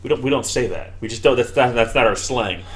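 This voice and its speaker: An American man co-hosting a casual movie commentary, rambling and animated, swearing freely as he talks. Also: mid-range voice, quick pace. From United States. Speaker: podcast co-host.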